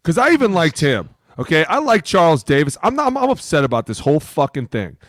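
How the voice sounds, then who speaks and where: A man's voice: fairly high pitch, huge pitch swings, quick pace, dry recording, studio quality. Blunt, profane man in sports chat. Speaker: podcast co-host, former lineman.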